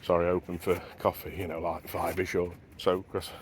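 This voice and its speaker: A man's voice: sits low, little pitch movement, moderate pace, slight background noise. A man vlogging as he walks a beach at sunrise, chatting to camera and wondering aloud as he goes. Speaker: travel vlogger. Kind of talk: casual walking narration to camera. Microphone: handheld camera while walking.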